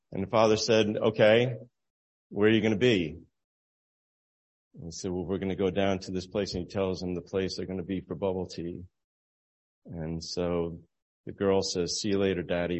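A man telling a moral story at an easy, halting pace, chuckling now and then, in the manner of a sermon illustration. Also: lowish voice. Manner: relaxed, halting storyteller who laughs at his own story.

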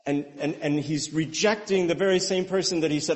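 A man's voice: fairly high pitch, fast talker, few pauses. Man preaching in a reverberant hall. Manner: animated, with rhetorical questions and repetitions. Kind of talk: sermon.

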